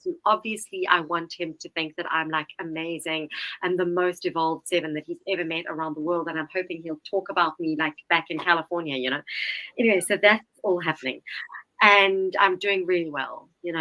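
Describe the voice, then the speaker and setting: A woman telling a story in a casual talk, lively and animated, swearing freely and acting out what people said. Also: fairly low pitch, poor audio. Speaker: guest, Enneagram teacher.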